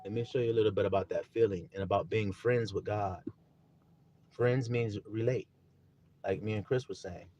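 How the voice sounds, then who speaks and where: A man preaching a sermon, reading scripture loudly and turning quiet for personal stories, often asking his listeners if they see. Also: lowish voice, steady tone, moderate pace, dull audio. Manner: casual, blunt preaching with mild swearing.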